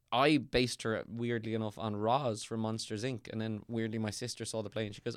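A young Irish man, an actor, chatting casually and telling stories in an animated, rambling way with lots of fillers and restarts. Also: lowish voice, fairly quick, few pauses, smooth, no room sound, studio quality. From Ireland. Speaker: actor, guest. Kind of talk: casual podcast chat.

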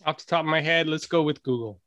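Muffled, soft-spoken male interviewer. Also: fairly high pitch, fast. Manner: brief, agreeable replies. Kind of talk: casual interview.

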